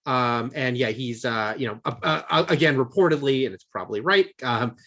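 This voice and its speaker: A man's voice: mid-range voice, moderate pace, fairly bright tone. A man co-hosting a film podcast, chatting casually and rambling with lots of fillers. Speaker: podcast co-host. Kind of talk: casual chat.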